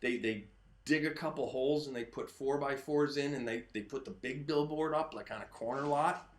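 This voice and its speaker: A man hosting a political commentary monologue, talking emphatically and sometimes breaking into shouts. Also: mid-range voice, moderate pace. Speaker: host. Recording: roomy echo.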